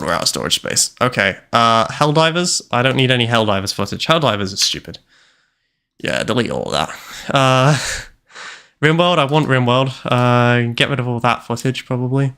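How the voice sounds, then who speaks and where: A young man doing live gameplay commentary from his home gaming setup on a headset mic, theatrical and self-mocking, with loud mock-heroic outbursts. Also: medium pitch, animated, normal speed, vocal fry, clear, resonant tone. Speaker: game streamer.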